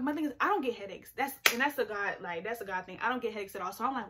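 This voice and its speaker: A young woman vlogger telling a story in an animated, chatty way, full of "like" fillers. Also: on the high side, fast talker, few pauses, a little hiss or hum. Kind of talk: storytime vlog.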